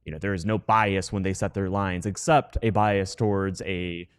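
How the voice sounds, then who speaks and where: A man's voice: deep voice, steady tone, moderate pace, clean tone, no echo, studio quality. A man co-hosting a sports podcast, wry and thinking aloud. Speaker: podcast co-host. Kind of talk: casual sports podcast analysis.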